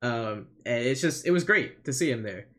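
A man's voice: medium pitch, animated, normal speed, a bit bright. A man co-hosting a podcast, chatting casually about wrestling in a rambling, hesitant way with lots of fillers. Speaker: podcast co-host. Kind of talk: casual wrestling recap chat.

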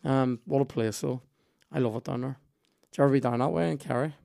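A man, hosting a podcast and telling animated, sweary stories in casual chat. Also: mid-range voice, quick pace, vocal fry. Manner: animated, sweary, acts out voices in his stories. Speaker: podcast host.

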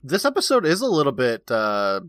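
A man co-hosts a podcast and trades sarcastic, mocking remarks in casual banter. His voice is bright and a little sharp, with a very lively pitch. The sound is dry and close, with no room echo. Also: a little fast. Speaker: podcast co-host.

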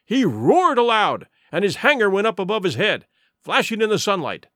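Male narrator for an adventure audiobook; vivid and dramatic, lively pitch, dry sound. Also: moderate pace, no room sound. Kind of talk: scripted storybook narration.

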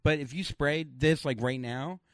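A man's voice: fairly high pitch, dry recording. A man hosting a comedy podcast, joking crudely and laughing a lot as he chats with a guest. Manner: goofy, crude and quick to laugh. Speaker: podcast host. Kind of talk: casual comedy podcast chat.

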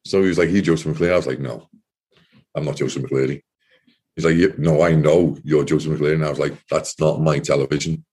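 A man's voice: rumbling low, fairly even intonation, fast talker, a little mellow, husky. A man telling a personal story as an interview guest, rambling with frequent "you know" fillers. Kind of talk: casual storytelling.

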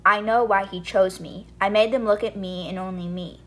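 A woman's voice: mid-range voice, fairly even intonation, normal speed, a bit bright. A young woman hosting a book podcast, casually retelling chapters and reading quoted lines aloud, with lots of fillers like "like" and "and then she's like". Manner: chatty, filler-heavy retelling with quoted dialogue.

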